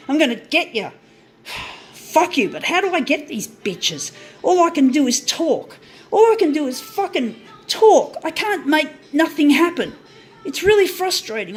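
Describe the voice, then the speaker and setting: A woman running a small print business who rants angrily and with heavy swearing about her photocopier. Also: sits high. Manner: swears heavily, frustrated, restarts sentences. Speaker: small business owner ranting on video. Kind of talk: angry profane rant.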